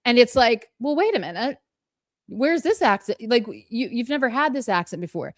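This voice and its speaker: A woman's voice: fairly high pitch, very animated, normal speed, no echo, studio quality. A woman co-hosting a live fan stream, gushing and chatty, laughing often between points. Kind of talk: casual live-stream chat.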